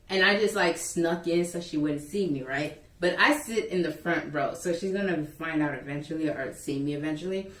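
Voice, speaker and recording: A woman's voice: on the low side, recorded from a distance. Chatty young woman telling a story. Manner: chatty, animated storytelling with quoted dialogue. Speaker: vlogger. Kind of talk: casual storytime. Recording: echoey room, a bit off-mic.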